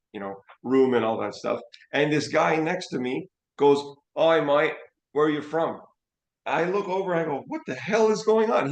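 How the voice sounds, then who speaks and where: Man, storyteller, animated, plays out his own reactions, medium pitch, roomy echo. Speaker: financial educator and co-host. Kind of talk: casual storytelling chat.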